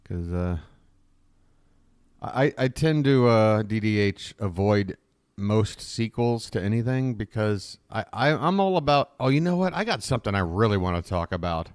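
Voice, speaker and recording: A man's voice: lowish voice, clean tone, no room sound, clean studio sound. A man hosting a live stream, riffing casually and wryly, often wandering off on tangents. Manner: rambling, wry, easily sidetracked.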